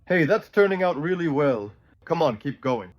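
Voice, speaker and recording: A man's voice: on the high side, animated, normal speed, dry recording, lo-fi sound. Chatty man co-hosting. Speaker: co-host. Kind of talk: casual joke telling.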